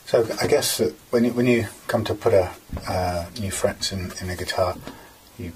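A man's voice: sits low, normal speed, a little mellow, slight background noise, low-quality recording. A man casually talking through guitar fret work in a workshop, rambling with many fillers as he explains each step. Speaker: guitar repairer.

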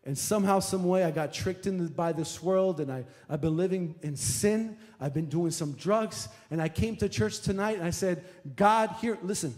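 A woman's voice: fairly low pitch, moderate pace, hardly any pauses, a little mellow, pitched above the performer's own voice, lightly acted. A man voicing a remorseful woman who pleads with God, her voice rising to a desperate cry. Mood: pleading. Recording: echoey hall reverb.

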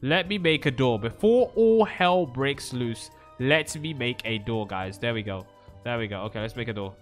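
A young man in his twenties giving jokey, excitable Minecraft let's-play commentary, jumping between loud shouts and nervous muttering. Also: mid-range voice, normal speed, soft background music. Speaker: gaming YouTuber.

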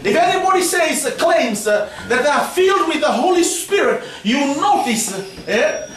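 Male preacher, high voice, animated sermon delivery, recorded from a distance in a very echoey church hall with faint ambience. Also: normal speed, a little hiss or hum. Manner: animated preaching, mixes in local language, asks "amen?" often.

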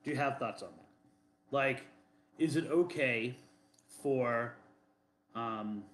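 A man's voice: mid-range voice, takes it slowly, a bit bright, slight background noise. Male co-host from Boston, rambling and defensive, lots of fillers, roomy echo. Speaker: podcast co-host. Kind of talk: casual chat.

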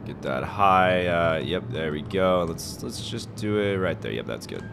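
A man giving casual gameplay commentary, jumpy and excitable, yelping and muttering to himself. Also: low voice, a little slow, creaky, music in the background. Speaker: gaming video host.

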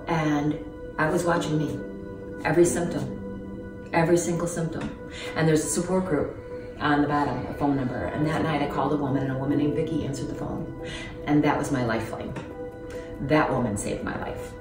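A woman in her fifties giving an emotional personal testimony in an interview, halting and earnest, close to tears. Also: sits low. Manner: earnest, halting, many ums. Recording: roomy distant mic with music.

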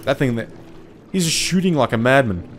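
Brisk and mid-range, this man panics and swears his way through let's play commentary while gaming. Game music and water sounds play behind him, and there's a little hiss or hum on the recording.

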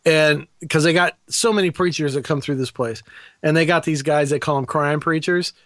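Male preacher guest, rambling comic storyteller, slightly high, dry recording. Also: steady tone, moderate pace, fairly bright tone, dry recording. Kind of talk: casual banter.

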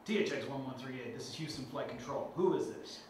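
A man reading the lines of a brisk male flight controller in a clipped, procedural way. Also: medium pitch, a little mellow, close to an everyday voice. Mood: stern. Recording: echoey room, distant mic, noisy.

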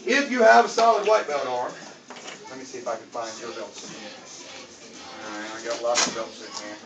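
A man's voice: medium pitch, fairly quick, dull audio. A man teaching children as a martial arts instructor at a belt test, playful and encouraging, talking simply to kids in a studio. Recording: echoey room from far away with music.

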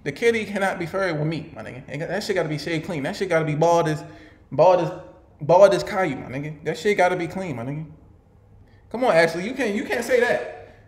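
A young man giving casual reaction commentary, animated and swearing, laughing often and stumbling over repeated words. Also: fairly high pitch, fast. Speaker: reaction video host. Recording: roomy echo.

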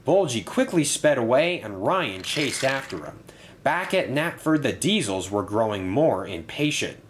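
A man narrating a toy-train story in a lively, expressive storybook style. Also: mid-range voice, unhurried, a little hiss or hum.

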